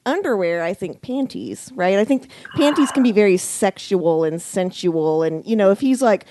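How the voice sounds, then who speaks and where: A woman's voice: mid-range voice, expressive, normal speed, dark tone, a little hiss or hum. An American woman hosting a podcast, teasing and enthusiastic in casual chat with her guest. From United States. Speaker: podcast host.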